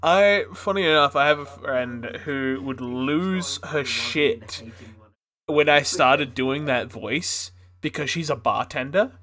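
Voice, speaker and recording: A man's voice: on the high side, takes it slowly, fairly bright tone. A man streaming from home who chats casually and laughs at his own jokes, with a non-American English accent, into a streaming mic. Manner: laughing, chatty, self-amused. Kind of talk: casual chat.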